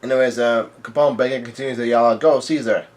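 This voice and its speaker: He talks fast, with a flat delivery at medium pitch. Casually reading a comic chapter aloud as a manga commentator, he mixes in his own comments and keeps quoted lines in the same plain, even voice.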